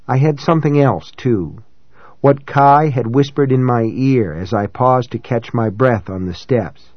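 A man reading a novel aloud in first person, measured and reflective, in a dry, slightly dull recording. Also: mid-range voice, no echo. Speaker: audiobook narrator.

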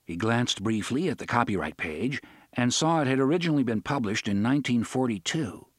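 A male audiobook narrator with a slightly husky, mid-pitched voice and a lively, varied melody. His reading is expressive and recorded close and dry, with no room around it. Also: brisk, no echo. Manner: expressive storytelling, varied delivery. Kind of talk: scripted narration.

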